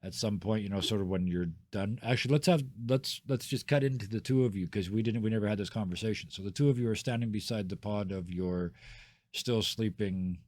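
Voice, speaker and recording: Low-ish guy running a tabletop game, chatty, dry mic. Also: a little fast, darkish tone, no room sound. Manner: laid-back, chatty, laughs easily. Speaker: game master.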